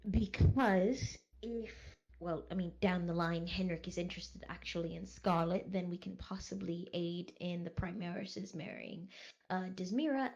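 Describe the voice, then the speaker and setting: A woman's voice: on the low side, darkish tone, lo-fi sound. A woman playing a noble lady in a tabletop role-play, speaking in composed, courtly phrasing. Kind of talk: in-character speech as a noble lady.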